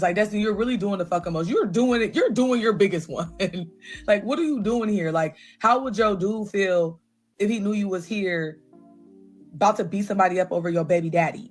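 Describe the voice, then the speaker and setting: A young woman telling a personal story in a casual, blunt and profane way, with lively asides to her viewers. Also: medium pitch.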